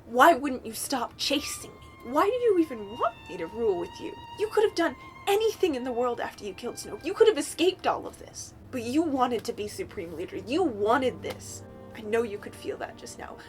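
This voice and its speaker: A woman's voice: high-pitched, animated, fairly quick, faint music behind. A woman voicing a young heroine who is furious and accusing, her words stumbling in anger. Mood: angry, accusing.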